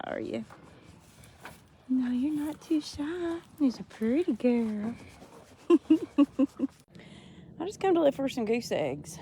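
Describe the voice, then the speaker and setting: A woman's voice: sits high, dark tone, a little hiss or hum. Cooing woman on a farm. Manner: cooing, affectionate baby talk, laughs often. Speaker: farmer. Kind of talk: casual talk to animals. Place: outdoors on a farm among cows. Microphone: handheld phone.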